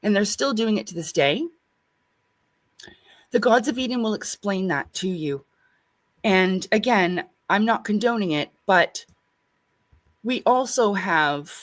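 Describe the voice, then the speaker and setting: This is an earnest woman with a voice at an ordinary middle pitch. She speaks reflectively and sincerely, as a guest in a relaxed spiritual discussion.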